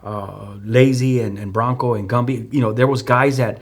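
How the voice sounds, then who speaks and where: A man's voice: mid-range voice, fairly even intonation, moderate pace, breathy edge. A man with a Chicano English accent, a guest telling a personal testimony in a loose, storytelling way, with many fillers and restarts. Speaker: podcast guest.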